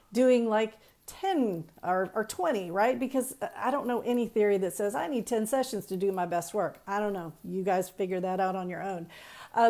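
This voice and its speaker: A woman coaching counselors on a live stream, chatty and emphatic, repeating key points and greeting viewers as she goes. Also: fairly high pitch. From Texas. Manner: energetic, chatty, greets viewers mid-talk. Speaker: counseling trainer.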